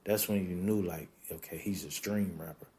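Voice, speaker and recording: Profane, ranting man. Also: normal speed. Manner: profane, animated, breaks into high-pitched incredulous outbursts. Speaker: podcast host. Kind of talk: casual rant.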